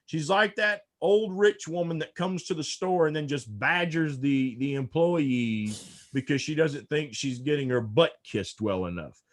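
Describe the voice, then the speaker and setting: A man's voice: fairly high pitch, measured pace. A man talking politics in a casual podcast discussion, emphatic, and often repeating a word several times before he gets going. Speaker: political commentator.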